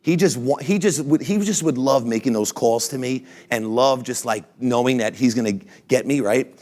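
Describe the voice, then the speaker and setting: A man, a company founder, telling blunt, energetic motivational stories to a live audience and swearing casually. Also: mid-range voice, moderate pace. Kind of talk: motivational storytelling talk.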